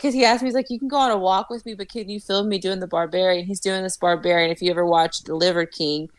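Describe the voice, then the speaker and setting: A woman's voice: lowish voice, quick pace, dry recording. Chatty woman telling stories, dry sound. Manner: animated storyteller, swears freely, laughs often. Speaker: podcast guest. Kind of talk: casual chat.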